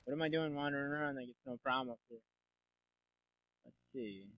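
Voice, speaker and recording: A man's voice: mid-range voice, fairly quick, fairly bright tone, dry recording. A young man giving casual, rambling gameplay commentary, full of sarcastic asides and swearing. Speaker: let's play commentator. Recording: dull lo-fi dry mic.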